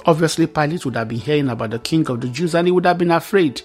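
A man's voice: on the high side, fast, a little mellow, faint music behind. A man preaching a Bible teaching sermon, reading scripture aloud and explaining it with emphatic repetition.

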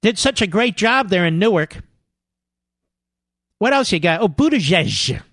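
A man's voice: high voice, animated, a little slow, fairly bright tone, no echo, clean studio sound. A man hosting a political talk radio show, combative and sarcastic, mocking his targets as he talks.

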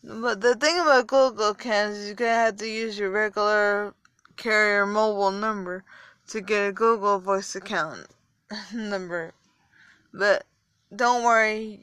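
A young adult woman podcaster, a little tired, rambling casually with halting pauses and fillers. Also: mid-range voice, fairly bright tone, clear, resonant tone, no echo. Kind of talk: casual solo podcast talk.

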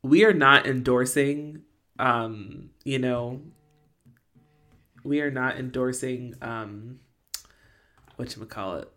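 A woman's voice: rumbling low, slow, long pauses, a bit bright. A woman in her thirties co-hosting a podcast, chatting casually with laughing, exaggerated retellings. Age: 30s. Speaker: podcast co-host. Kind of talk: casual rewatch chat.

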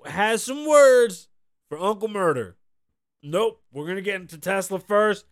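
Man, American podcast host, high voice, profane, excitable news riffs. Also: smooth. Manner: profane, loud and excitable, riffing on headlines. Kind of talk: casual news commentary. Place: podcast studio.

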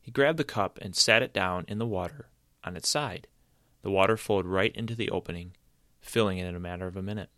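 A man reads a children's storybook aloud in a steady, plain manner. His voice sits fairly low, and the recording is dry with no room sound. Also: brisk, dry recording. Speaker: narrator. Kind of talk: storybook reading.

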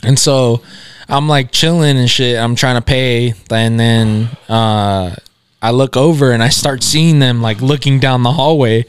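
A man co-hosting a podcast tells a story in loose, profane chat and laughs along easily. His voice sits in a middle pitch and sounds smooth and clear, recorded dry. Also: fairly even intonation, a little slow, no room sound. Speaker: podcast co-host.

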